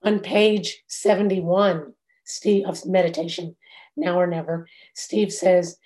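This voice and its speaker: A woman meditation teacher giving a dharma talk in a measured, reflective way, with long pauses. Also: on the low side, flat delivery, darkish tone.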